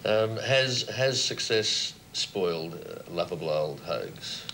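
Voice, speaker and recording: A man's voice: low-pitched, lively intonation, takes it slowly, gravelly, sharp tone, a little hiss or hum. A male television interviewer asking hesitant, teasing questions. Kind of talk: current-affairs interview.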